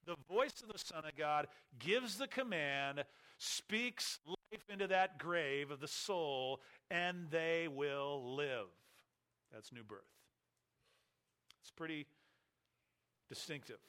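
A man preaching a sermon, emphatic, slowing down and leaning on key words. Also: a little high, bright, forceful tone.

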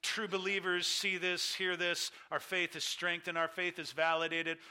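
A man's voice: sits high, little pitch movement, normal speed, sharp tone, smooth. A man preaching a sermon, teaching through a scripture passage with an emphatic, repetitive cadence. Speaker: pastor.

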